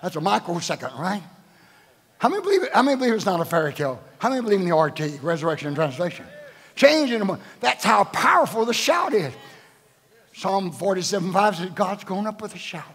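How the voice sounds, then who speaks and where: A man's voice: sits high, very animated, quick pace, breathy edge. An older man, a bishop, preaching a sermon at a live church service and quizzing the congregation with rhetorical questions. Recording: echoing church hall.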